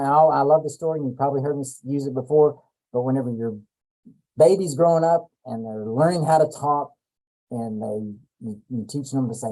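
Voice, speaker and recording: A man's voice: on the high side, dark tone, low-quality recording. A man giving a folksy motivational talk as a brain coach on a video call, repeating points and dropping in playful asides.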